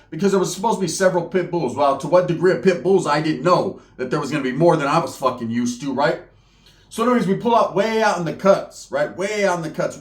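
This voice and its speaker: A man's voice: fairly high pitch, reverberant. Profane streetwise man telling a story. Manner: profane, streetwise slang, acts out the people in his story. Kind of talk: casual comedic storytelling.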